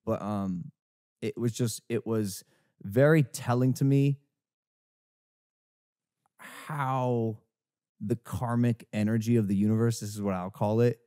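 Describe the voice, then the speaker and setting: A young man in his twenties hosts a podcast, rambling through a story in casual chat full of restarts and fillers. His voice is mellow and lowish.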